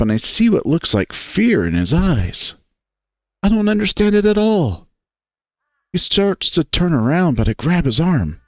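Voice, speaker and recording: A man reading a visual novel aloud in first-person narration, unhurried and expressive. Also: mid-range voice, no echo.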